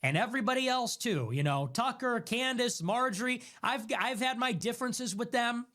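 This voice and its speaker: A man ranting through political commentary with a voice that swings widely in pitch, rising and falling as he hammers each point. His delivery is emphatic and accusatory, piling up words one after another. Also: animated, moderate pace, bright, forceful tone.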